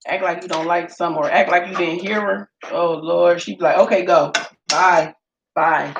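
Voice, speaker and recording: A woman, chatting in a casual cooking vlog and telling lively stories while she cooks in her home kitchen. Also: on the low side, a little fast, creaky, highs cut off. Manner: storytelling, animated, laughs often. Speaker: home cook vlogger. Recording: echoey room with faint noise.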